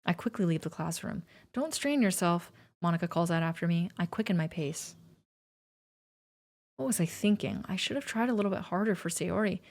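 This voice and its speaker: A young woman streamer reading a visual novel's narration aloud, steady and earnest, with shrieking scared reactions in between. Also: fairly low pitch, brisk.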